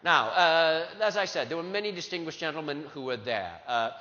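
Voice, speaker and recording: A man's voice: a little high, expressive, fairly quick, bright, forceful tone. An actor playing a proud, self-assured founding-era statesman, insistent and grand, in a live historical re-enactment for students. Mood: explaining. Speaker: costumed performer at an educational show. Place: large hall with a live audience. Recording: dull, echoey hall.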